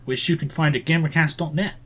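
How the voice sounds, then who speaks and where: A man's voice: fairly high pitch, fairly even intonation, fast, a bit bright. A man co-hosting a casual gaming podcast, making teasing jokes and butting in with complaints. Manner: teasing, keeps interrupting with jokes. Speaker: podcast co-host. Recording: dull lo-fi podcast audio.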